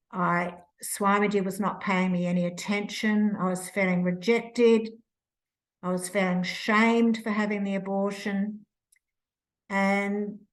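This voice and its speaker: Slow-spoken older New woman. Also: medium pitch, low-quality recording. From New Zealand. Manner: slow, reflective, emotional retelling with restarts. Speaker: author, interview guest. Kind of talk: personal storytelling.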